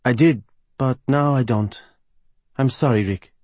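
A man reading an audiobook, voicing a downcast female opera singer who speaks quietly and regretfully. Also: mid-range voice, unhurried, no echo, pitched above the performer's own voice, lightly acted.

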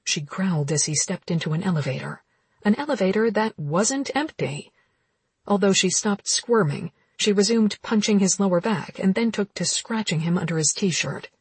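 A woman narrating a romance novel as an audiobook in steady, intimate storytelling. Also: medium pitch, normal speed, husky, no room sound.

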